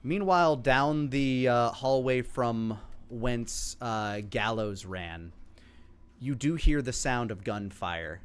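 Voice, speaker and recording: A man's voice: medium pitch, lively intonation, takes it slowly, smooth. A man running a tabletop horror game as game master, describing scenes loosely with fillers and restarts.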